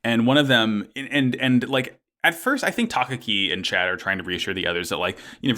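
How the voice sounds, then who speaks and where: A man co-hosting a casual anime recap podcast, talking in a lively way, swearing casually and laughing easily. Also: medium pitch, fairly quick, few pauses. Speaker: podcast co-host.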